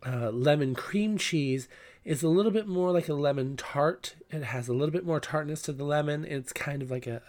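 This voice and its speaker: A man with a slightly higher voice talks through a casual podcast story. He is gossipy and profane, and he fills the gaps with lots of ums and uhs. It sounds like a solo host chatting to his listeners. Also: moderate pace, a little mellow. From Southern California.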